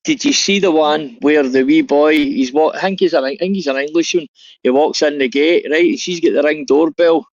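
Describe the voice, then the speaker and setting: A chummy man with a fairly high voice banters on a voice call, tossing "mate" into every line. The audio is dull and dry, with no room sound at all. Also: normal speed, dry recording. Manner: chummy, calls everyone mate, swears a lot. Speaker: panel guest. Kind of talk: casual banter on a livestream panel.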